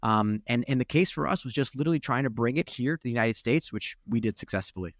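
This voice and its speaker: A man's voice: mid-range voice, quick pace, dry recording, studio quality. A man in his thirties from Ukraine with a Chicago accent, a startup chief talking in an interview, often restarting and adding "right?". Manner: lots of restarts and "right?" tags. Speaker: startup CEO guest. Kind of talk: interview conversation.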